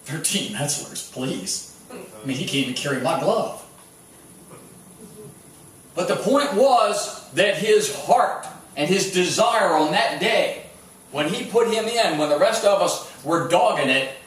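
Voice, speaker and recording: A man's voice: on the high side, a little hiss or hum. A man, the pastor, preaching a sermon in a church and telling stories with a conversational, stop-and-start delivery. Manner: storytelling with sports anecdotes, many restarts. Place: church sanctuary. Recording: echoey church hall, mic at a distance.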